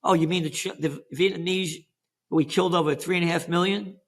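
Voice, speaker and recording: A man's voice: high voice, steady tone, fairly quick. An older American man on an interview, emphatic and sarcastic, firing rhetorical questions. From United States. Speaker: interview guest. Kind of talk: animated interview talk.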